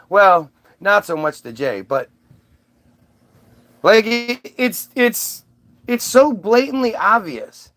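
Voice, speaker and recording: A man with a high voice and a gravelly rasp, ranting in a loose, rambling stream full of swearing. He breaks off and restarts his sentences often as he talks to his viewers. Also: lively intonation, a little slow, fairly bright tone. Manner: rambling, profane, many restarts. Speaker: vlogger. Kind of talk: ranting monologue.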